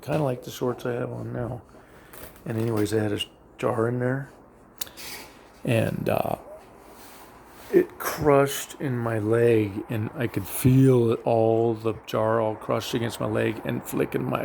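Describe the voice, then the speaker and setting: A middle-aged man with a heavily gravelly, fry-laden voice recounts a personal story. He rambles, swears freely and keeps restarting his sentences. A faint ambient hiss sits under the recording. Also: medium pitch, a little mellow.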